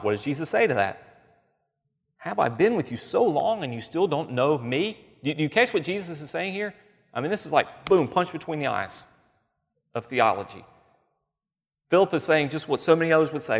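A man's voice: a little high, lively intonation, fairly quick, creaky. Man preaching in a reverberant hall. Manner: conversational, emphatic, reads scripture aloud. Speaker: pastor. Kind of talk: sermon teaching.

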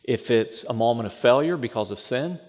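A male pastor delivers a sermon in a middle-pitched voice, pressing his points with rhetorical questions and repeated phrases. His words ring out with a long, trailing reverb, as if in a large hall. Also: lively intonation, moderate pace, a little mellow.

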